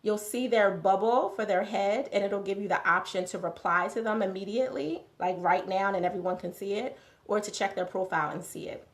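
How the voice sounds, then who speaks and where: A woman's voice: mid-range voice, brisk. Woman giving a motivational live-stream talk. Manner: conversational, repeats phrases for emphasis, answers viewer comments.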